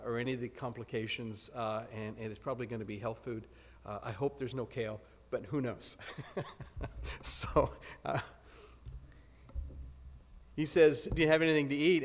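A man preaching a sermon in a relaxed, conversational way, with joking asides. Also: medium pitch. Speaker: pastor. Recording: long hall reverb.

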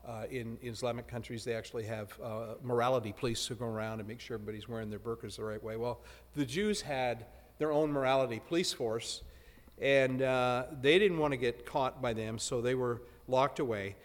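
A man preaching a sermon in a relaxed, conversational way, with joking asides. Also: medium pitch, fairly quick. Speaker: pastor. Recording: long hall reverb.

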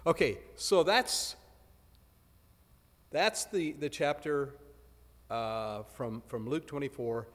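A man preaching a sermon in a relaxed, conversational way, with joking asides. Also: fairly high pitch, takes it slowly, long pauses. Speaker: pastor. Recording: long hall reverb.

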